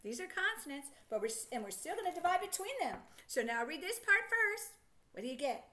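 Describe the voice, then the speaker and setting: A woman teaching a children's phonics lesson, encouraging and enthusiastic, sounding out word parts slowly. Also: sits high, very animated, bright, forceful tone.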